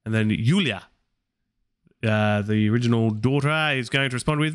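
A man's voice: mid-range voice, moderate pace, clear, resonant tone. A man hosting a live study stream, working through translations aloud and questioning himself as he goes. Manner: puzzles over translations aloud, self-questioning. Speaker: Latin learner hosting a stream.

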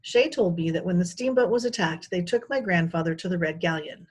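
An earnest, stubborn young boy from a storybook, as a woman reading aloud voices him. He pleads with steady resolve. The voice is slightly husky and a bit low. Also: fairly quick. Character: determined young boy searching for his grandfather.

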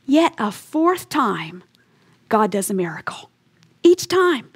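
A woman's voice: on the high side, sing-song, slow pace, breathy edge. Earnest woman teaching the Bible. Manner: earnest and emphatic, leaning into key words.

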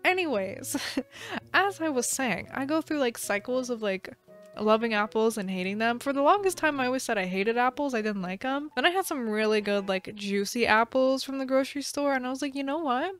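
A gaming channel host in her twenties chats casually about her gameplay into a desk microphone, her voice a little high and a bit bright. She rambles, giggles, and playfully scolds the characters in the game.

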